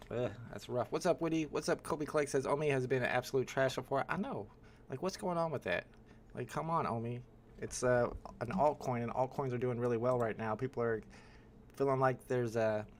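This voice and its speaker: A man's voice: mid-range voice, a little hiss or hum. Chatty man hosting a live stream. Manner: casual and chatty, reads and answers chat. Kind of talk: casual live stream commentary.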